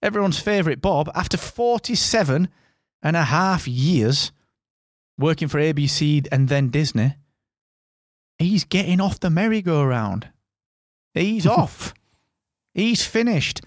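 A man's voice: a little high, lively intonation, measured pace, no room sound. A man hosting a casual podcast, chatty and rambling, with a close, dry sound. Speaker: podcast host. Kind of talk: casual chat.

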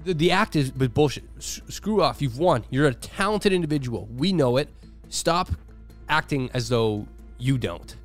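A man co-hosting a podcast, talking fast and acting out arguments in quick put-on voices. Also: medium pitch, soft background music. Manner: fast, animated, acts out quarrels in shifting voices. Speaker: podcast co-host. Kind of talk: casual podcast banter.

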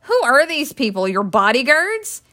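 A woman voicing a smug, charming young British man with a smooth, taunting manner. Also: sits high, very animated, normal speed, pushed and bright, no echo, studio quality, pitched above the performer's own voice, heavily acted.

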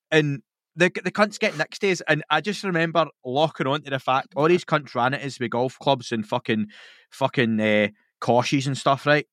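Brief: Glaswegian man, podcast guest, swears freely, animated storyteller, dry close mic. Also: a little high, moderate pace, no room sound. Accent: Scottish, Glaswegian. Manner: sweary, animated, laughs through his stories. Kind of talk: casual storytelling chat.

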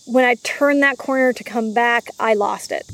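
A woman's voice: a little high, normal speed, creaky, a bit bright, no room sound. A woman telling a personal story in a casual interview. She acts out the voices of people she quotes. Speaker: guest.

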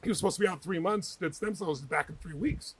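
Husky and slightly raised, this middle-aged man's voice sits on the high side and sounds a bit bright, with no echo. An author and speaker guesting on an interview, he pours out stories at a rapid clip with emphatic energy, slipping into the voices of those he quotes.

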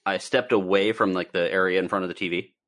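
A man's voice: low voice, steady tone, fast talker, fairly bright tone. A man and parent co-hosting a casual movie-review podcast, laughing often and restarting sentences as he recaps scenes. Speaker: podcast co-host.

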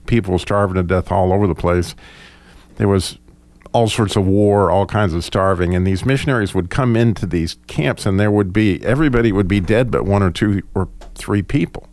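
Low-pitched man, reflective group talk, halting with restarts, dry close sound. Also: a little mellow, no echo. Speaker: discussion participant. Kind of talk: casual group discussion.

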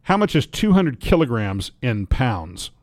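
A man's voice: mid-range voice, sing-song, unhurried, no echo. A man co-hosting a podcast, chatting casually and reading news aloud while joking and restarting his sentences. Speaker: podcast co-host.

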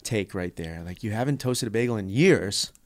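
A man's voice: on the low side, lively intonation, normal speed. A man hosting a casual podcast debate, upbeat and playful, announcing rounds like a game-show emcee.

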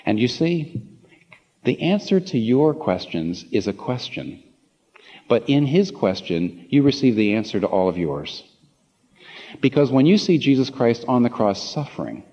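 A man's voice: medium pitch, big pitch swings, moderate pace, warm tone, breathy edge. A man preaching a sermon with passion, rising into emphatic rhetorical questions, in a large church. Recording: dull reverberant hall recording.

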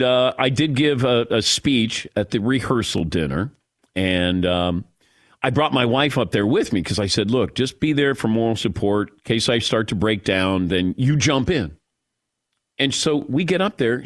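A middle-aged man hosting sports talk radio, spinning a story with a lively, swooping pitch. He jokes at his own expense, and the sound is dry and close to the microphone. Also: no room sound. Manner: animated storytelling, self-mocking, emotional. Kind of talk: casual radio monologue.

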